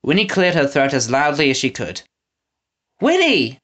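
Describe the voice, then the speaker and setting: A woman narrating a children's audiobook with an expressive reading style. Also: very deep voice, a little fast. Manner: expressive reading, lively intonation. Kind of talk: storybook narration.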